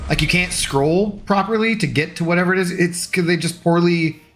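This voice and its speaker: A man's voice: high-pitched, a little fast, fairly bright tone. A young adult man streaming, chatting casually with viewers in a rambling, easygoing, self-deprecating way. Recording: faint music underneath.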